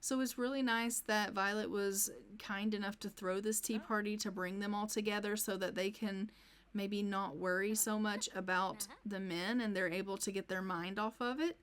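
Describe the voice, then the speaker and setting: In a fairly bright, medium-pitched voice with a steady tone, a woman narrates her life-sim gameplay at a moderate pace. She keeps things casual, chatting along and talking to her characters.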